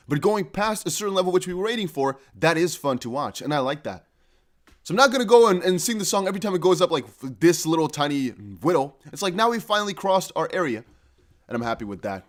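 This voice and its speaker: Hyped crypto streamer man, lively pitch. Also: fast talker. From Netherlands. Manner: hyped, laughing, breaks into chanting. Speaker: crypto live stream host. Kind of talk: excited live stream commentary.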